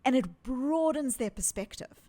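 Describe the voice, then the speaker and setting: A woman guest in an interview, explaining ideas in an earnest, animated way and repeating words for emphasis. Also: high voice, a little slow, dry recording. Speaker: psychologist guest.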